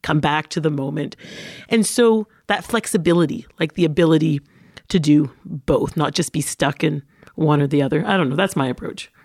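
A woman's voice: low-pitched, moderate pace, darkish tone, dry recording, clean studio sound. A woman in casual conversation, explaining her own routine in an earnest, upbeat way. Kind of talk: casual chat.

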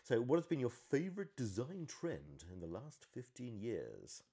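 A man's voice: mid-range voice, huge pitch swings, measured pace, mellow. A man co-hosting a podcast, chatting casually with plenty of fillers and easy laughter. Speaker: podcast co-host. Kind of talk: casual design chat.

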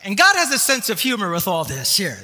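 A male pastor with a high, bright, forceful voice tells a lively story from the pulpit, mocking himself as he goes. He acts out the voices in his tale. His words ring out with a long reverb through a large hall. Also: brisk. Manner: animated anecdotes, acts out voices, self-mocking humor. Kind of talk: sermon with personal storytelling.

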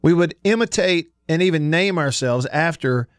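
A man's voice: fairly high pitch, normal speed, clear, resonant tone, no room sound. Southern radio guy in his 40s, talks sports like he's chatting with friends, dry studio mic. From Alabama. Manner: chatty storyteller, laughs often. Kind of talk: casual sports radio talk.

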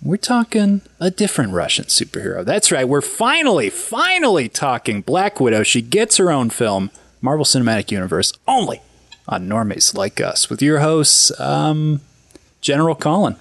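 A man co-hosting a casual podcast, trading jokes in a deadpan delivery. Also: on the high side, moderate pace, creaky, no room sound. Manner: deadpan and jokey. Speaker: podcast co-host. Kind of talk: casual comedic podcast chat.

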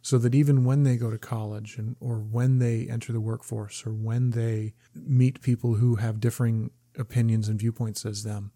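A man co-hosting a relaxed book discussion, his voice warm and mellow. He thinks out loud, often restarting his sentences as he works through a point. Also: mid-range voice, normal speed, hardly any pauses. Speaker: podcast co-host.

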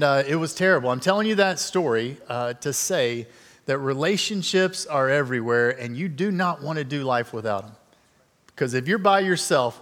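In a church sanctuary, a middle-aged man with a fairly high, slightly bright voice appears as a guest speaker in a sermon. He tells a personal story conversationally and with self-deprecation, and the recording has a big-room sound.

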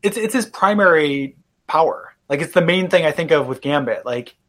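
A man's voice: fairly high pitch, expressive, moderate pace, fairly bright tone. A man hosting a casual chat on a stream, playful and rambling, with many filler words. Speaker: stream host.

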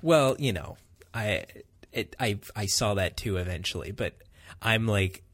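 A man's voice: on the low side, a little slow, fairly bright tone, no echo. A man co-hosting a casual book discussion podcast, chatty and self-deprecating, laughing easily. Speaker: podcast co-host.

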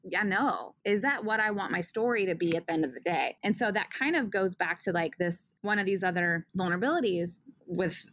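Animated woman in her thirties chatting. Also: mid-range voice, brisk, hardly any pauses. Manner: animated, laughs often, reads passages aloud. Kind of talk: casual chat.

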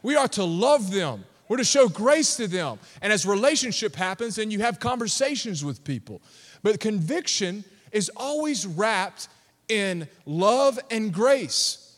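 Man, very high pitch, sermon, emphatic, call-and-response, long hall reverb. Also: big pitch swings, measured pace. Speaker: preacher. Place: church sanctuary.

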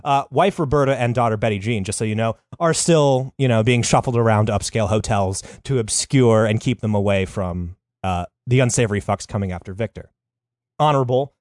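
A man's voice: fairly low pitch, fairly quick, a little mellow, dry recording, clean studio sound. A man hosting a podcast, telling a story in casual chat with crude jokes and frequent fillers.

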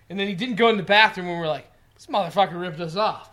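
Man, 30s, high-pitched, profane, rambling storyteller, podcast co-host. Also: quick pace, sharp tone. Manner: profane, rambling storyteller who acts out quotes. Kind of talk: casual podcast chat.

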